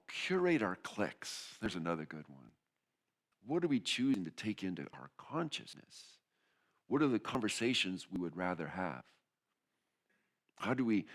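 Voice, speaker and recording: A male pastor preaching with a lively, swooping voice that leaps up high for emphasis. His talk is loose and conversational, and he keeps repeating his main phrases. Now and then he slips into quick voices for people in the stories. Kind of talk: sermon.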